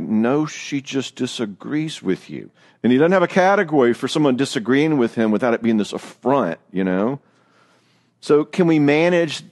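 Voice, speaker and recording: A man, a therapist giving a lively, joking talk on marriage with some self-mockery. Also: lowish voice.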